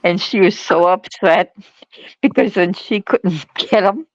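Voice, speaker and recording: Lady guest on a stream, muffled and dead-dry audio, kinda halting. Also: mid-range voice, no room sound. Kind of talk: casual chat. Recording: dull, dry lo-fi call audio.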